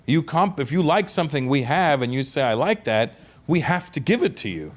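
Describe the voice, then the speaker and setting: A comedian voicing a calm, friendly prince. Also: male voice, on the high side, a little fast. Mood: explaining. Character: relaxed friendly Saudi prince, adult man.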